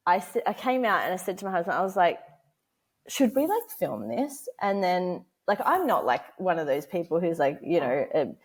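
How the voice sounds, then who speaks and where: A woman in her thirties, a podcast guest, chatting casually and laughing often as she acts out the people in her story. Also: lowish voice. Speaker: podcast guest, motherhood educator.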